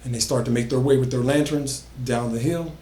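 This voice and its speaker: A man's voice: mid-range voice, fairly even intonation, fairly quick, mellow. A man casually telling an original horror story, building emphasis by repeating phrases. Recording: echoey room.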